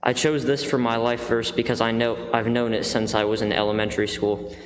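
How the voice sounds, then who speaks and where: A man reading a scripture verse and briefly saying why it matters to him, in a flat, steady way. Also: medium pitch, fairly quick. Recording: echoey, reverberant room with faint noise.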